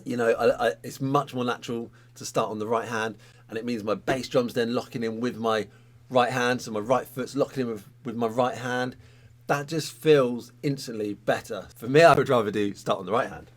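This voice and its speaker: A man's voice: medium pitch, steady tone, normal speed. A man teaching a drum lesson, talking casually and counting sticking patterns aloud.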